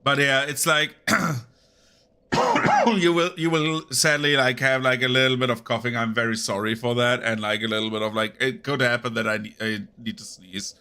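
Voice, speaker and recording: A man streaming a game in casual, rambling chat, his voice nasal and rough from a cold. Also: medium pitch, level tone, normal speed, sharp tone. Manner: rambling and chatty, talking over gameplay. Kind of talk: casual live-stream chat while gaming.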